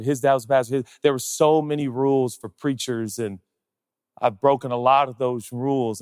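A pastor preaching on stage, impassioned, dropping to a hush and then rising loud, firing off rhetorical questions. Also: male voice, mid-range voice, no echo, studio quality, long reverb tail. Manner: impassioned, swinging between hushed and loud; rapid-fire rhetorical questions. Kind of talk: sermon. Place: on stage in a large hall.

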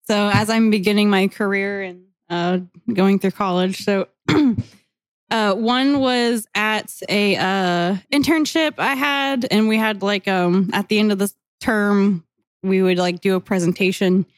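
A woman's voice: medium pitch, a little slow, no room sound. A woman in her twenties co-hosting a casual podcast, rambling with lots of fillers and frequent laughter. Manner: giggly, rambling with many fillers. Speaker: podcast co-host. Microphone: podcast mic.

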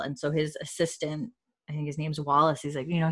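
A woman's voice: low voice, little pitch movement. Chatty woman retelling a scene. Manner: retells scenes with quick quoted impressions and laughs. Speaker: podcast co-host. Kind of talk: casual chat recapping a TV episode.

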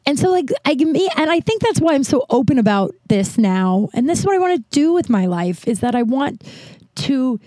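A woman's voice: high voice, very animated, normal speed, mellow, dry recording. Frank, rambling woman telling her story. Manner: rambling, frank, many restarts. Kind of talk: candid personal storytelling.

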